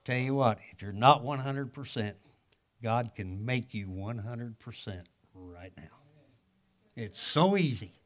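An older man, a guest pastor, preaching a sermon in a folksy storytelling way, with casual grammar, swinging from loud exclamations to hushed asides. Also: medium pitch, lively intonation, takes it slowly. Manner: colloquial grammar.

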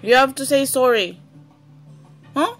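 High-voiced woman scolding her dog. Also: expressive, a little slow, soft background music. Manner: scolding, repetitive, mock-stern; mixes in Korean words. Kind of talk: scolding a pet, half-playful.

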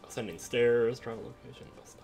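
Game music plays as a young man streams a story game, his medium-pitched, darkish voice steady and a little fast. Between moments of play he chats casually and rambles, drifting off with fillers such as "like".

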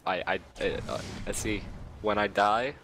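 A man's voice: fairly low pitch, fairly even intonation, moderate pace, fairly bright tone. A man in casual gaming voice chat, joking about his own play over a headset. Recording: noisy voice chat audio.

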